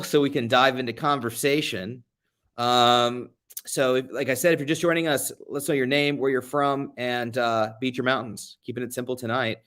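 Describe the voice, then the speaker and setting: A man's voice: mid-range voice, fairly bright tone. A young American man hosting a casual live-stream chat from a beach getaway, greeting viewers by name and joking about himself. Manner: chatty, self-deprecating, greets viewers by name. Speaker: livestream host, advocate. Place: beach rental during a getaway.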